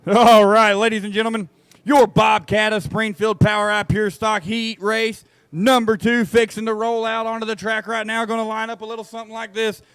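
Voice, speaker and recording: Man, race announcer, high voice, folksy, excitable, engines roaring behind. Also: normal speed, clean tone, no room sound. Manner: excitable, joking with the crowd, folksy. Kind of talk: live race commentary over a PA.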